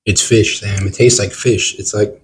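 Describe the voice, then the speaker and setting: A man's voice: fairly low pitch, little pitch movement, normal speed, slight background noise. A man co-hosting a casual podcast while eating, with playful, exaggerated reactions and lots of "bro". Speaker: podcast co-host.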